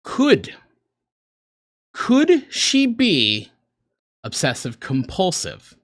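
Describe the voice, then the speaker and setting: A man's voice: sits high, huge pitch swings, drawn-out words, no echo, clean studio sound. An American man in his twenties or so, talking casually and earnestly while reacting to videos on a stream, sometimes rambling. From United States. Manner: earnest, rambling, emotional at times.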